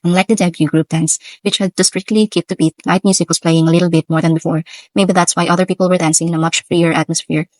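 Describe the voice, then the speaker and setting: Brief: female audiobook narrator, low voice, quick pace. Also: little pitch movement, darkish tone, dry recording, poor audio. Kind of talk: first-person novel narration.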